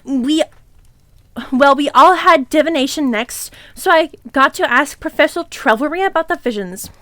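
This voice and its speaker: High-voiced woman reading aloud. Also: moderate pace, dry recording. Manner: deadpan reading, breaking into laughs and asides. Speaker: streamer. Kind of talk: reading a fanfic aloud on stream.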